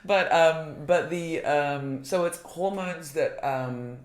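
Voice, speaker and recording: A woman's voice: sits low, slow pace, darkish tone. A woman hosting a casual podcast chat, reacting with sympathetic interjections and follow-up questions. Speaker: podcast host.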